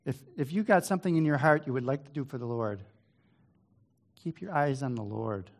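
A man's voice: mid-range voice, fairly quick. Man musing through a Bible reading. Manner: reads scripture aloud then muses conversationally with asides; hesitant restarts and throat clearing. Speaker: Bible teacher. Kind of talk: informal Bible study talk.

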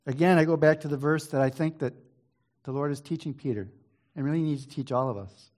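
A man leading an informal Bible study, reading scripture aloud and then talking it over in a plain conversational way, with hesitant restarts and the odd throat clearing. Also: a little high, brisk, a little mellow. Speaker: Bible teacher.

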